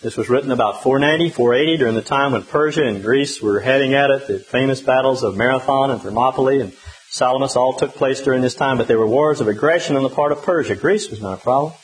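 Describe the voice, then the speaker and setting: A man's voice: mid-range voice, fast talker, low-quality recording. Male pastor, mid-range voice, chatty humorous sermon delivery. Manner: conversational, humorous storytelling with lively emphasis.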